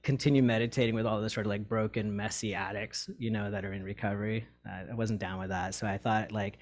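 A man in recovery sharing a personal story with his meditation group, candid and halting, full of fillers and restarts. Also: on the low side, a little mellow. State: tearing up.

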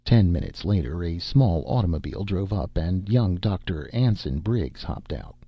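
Man narrating an audiobook, gravelly, dull lo-fi sound. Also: low voice, dry recording. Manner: steady, measured storytelling.

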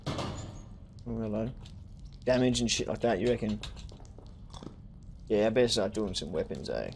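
A young man commentating a horror game playthrough, swearing and ranting with excitable outbursts. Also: lowish voice, moderate pace, slight background noise. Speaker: gaming streamer. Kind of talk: let's play commentary.

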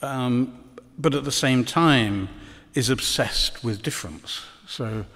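A man's voice: medium pitch, slow pace, a bit bright. A man giving a conference lecture, hesitant with many ums and dry ironic asides. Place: lecture hall. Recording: long hall reverb.

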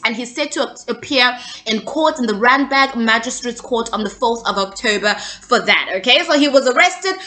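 A woman's voice: sits high, sharp tone. Sassy woman gossip vlogger. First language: not English. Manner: opinionated, sassy, asks "okay?" often. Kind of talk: casual celebrity gossip commentary.

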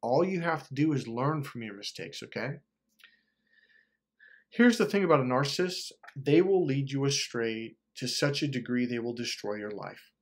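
A man's voice: medium pitch, expressive, normal speed. A man in his forties delivering an intense, profane motivational monologue about trusting your gut. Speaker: motivational speaker.

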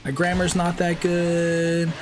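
A man putting on a slow, fumbling voice to mock a dim-witted young chat troll. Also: on the high side, monotone, noisy background. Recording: loud car game sounds behind.

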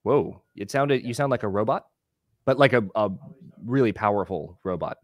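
Male instructor, lower voice, dry close sound, easygoing live tutorial delivery over a video call. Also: normal speed, no echo. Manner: relaxed, explanatory, thinks aloud while clicking through. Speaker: webinar instructor. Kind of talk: live screen-share tutorial.

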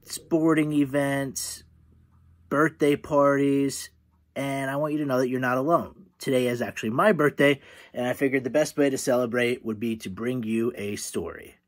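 A man, a teacher, reading a picture book aloud to children in a friendly, animated way. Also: mid-range voice, moderate pace. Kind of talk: storybook read-aloud for children.

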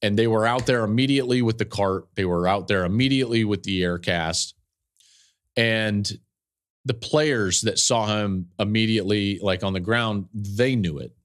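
A man's voice: fairly low pitch, moderate pace. A male podcast host telling a personal story in an earnest, openly emotional way. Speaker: podcast host, football analyst.

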